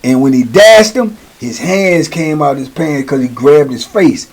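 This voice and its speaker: A man's voice: a little high, measured pace, darkish tone. Slangy middle-aged male storyteller. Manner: slangy, repetitive, conversational. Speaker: storyteller, show host. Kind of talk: casual prison storytelling.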